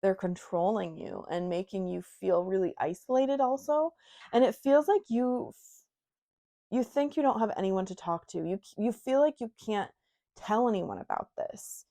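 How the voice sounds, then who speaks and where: A woman's voice: mid-range voice, expressive, moderate pace, dark tone. A young woman giving a casual, intuitive tarot reading to her viewers, talking frankly with lots of fillers and asides. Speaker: tarot reader.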